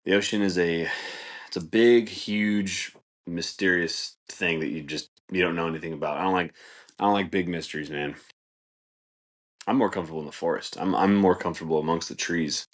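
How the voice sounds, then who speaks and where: A man's voice: fairly even intonation, a little fast. A man hosting a podcast, telling stories in a laid-back, rambling way, swearing freely and filling his talk with "like" and "dude". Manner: acts out voices in quoted speech, jumping far higher. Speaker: podcast host. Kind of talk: casual storytelling monologue.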